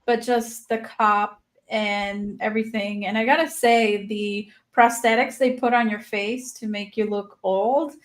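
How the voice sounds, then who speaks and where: A woman's voice: mid-range voice, fairly even intonation, a little slow, few pauses. A woman co-hosting a casual interview over a video call, hesitating and searching for words with many fillers. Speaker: co-host.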